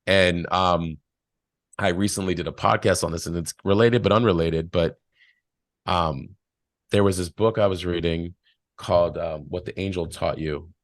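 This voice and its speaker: A man's voice: low-pitched, fairly even intonation, moderate pace, dry recording, studio quality. A man speaking as a podcast guest, giving earnest spiritual life advice in a rambling, storytelling way. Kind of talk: casual spiritual advice chat.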